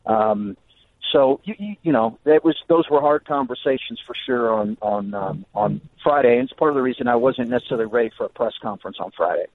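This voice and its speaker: A man phones in as a coach on a radio show. His voice is at an ordinary middle pitch and sounds tinny and narrow through the phone line. He answers earnestly, hesitating with fillers and restarting his sentences as he thinks aloud. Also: a little fast, a little hiss or hum. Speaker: basketball coach, guest.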